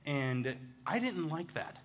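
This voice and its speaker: A pastor in his thirties preaches in a relaxed, self-mocking storytelling way. His voice sits a little high and rings bright. The sound carries a long reverb from the church hall. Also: slow. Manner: casual, self-deprecating storytelling. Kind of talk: sermon. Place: church sanctuary.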